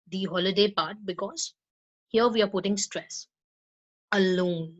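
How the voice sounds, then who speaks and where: A woman with an Indian English accent giving a recorded lecture on spoken English. She explains slowly, with frequent fillers and repeated words, and stresses syllables on purpose when she models pronunciation. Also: medium pitch, fairly bright tone, poor audio. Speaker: law college English teacher.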